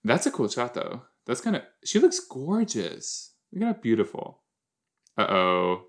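Slow-talking man rambling through a rewatch. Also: medium pitch, huge pitch swings, creaky. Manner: rambling and playful, with made-up silly words. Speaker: podcast host. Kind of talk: casual watch-along reaction commentary.

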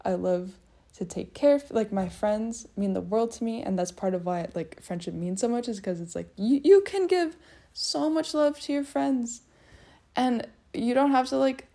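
A young woman with a gravelly, warm, medium-pitched voice rambles through a personal monologue, musing and poking fun at herself as she circles loosely. People can be faintly heard in the hallway.

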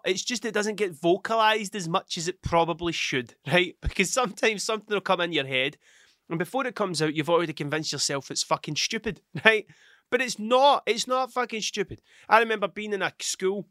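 Sweary man, bright forceful voice. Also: high-pitched, expressive, normal speed, no room sound, clean studio sound. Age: adult with children. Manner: rambling, heavy swearing, loses his train of thought. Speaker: podcast host. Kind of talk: casual solo podcast monologue.

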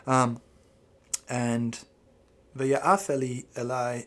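A man explaining scripture in a rambling, animated podcast conversation, quoting Hebrew phrases as he goes. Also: mid-range voice, drawn-out words. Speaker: Bible teacher.

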